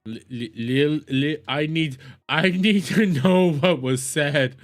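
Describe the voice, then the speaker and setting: Slow, rambling streamer talking to chat. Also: mid-range voice, no room sound, studio quality, soft background music. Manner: rambling, repeats and stammers, laughs often. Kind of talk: live stream reaction chat.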